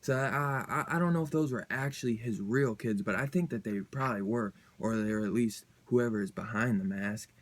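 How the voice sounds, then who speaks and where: A man chatting casually about a comic book, excited and rambling in a loose, slangy way. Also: mid-range voice, normal speed, hardly any pauses. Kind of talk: casual review chat.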